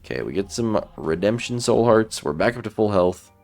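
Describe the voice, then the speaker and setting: A man casually commenting while playing a video game, thinking aloud about his choices in a relaxed, sleepy way. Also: on the low side, normal speed, creaky, soft background music. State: sleepy, yawning. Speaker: gaming YouTuber. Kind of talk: let's play commentary.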